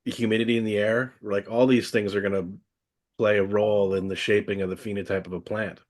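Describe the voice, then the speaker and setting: A man with a lowish voice talks casually as a podcast guest. He thinks out loud and leans on fillers while working toward his point. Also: level tone, fairly quick. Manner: thoughtful, many fillers like "I mean". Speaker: guest grower.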